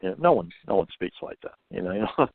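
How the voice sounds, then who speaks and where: A paranormal folklore author, interviewed casually as a podcast guest, speaks fast and very animated in a low voice, thoughtful while often stumbling and repeating himself. The recording is dry and phone-like.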